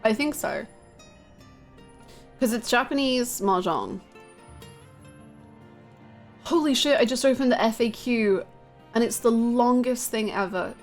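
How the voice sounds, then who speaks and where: A woman's voice: on the high side, slow, pauses often. Chatty woman streamer over faint game music. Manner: chatty, self-mocking, reads and answers chat aloud. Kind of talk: casual live-stream chat while gaming.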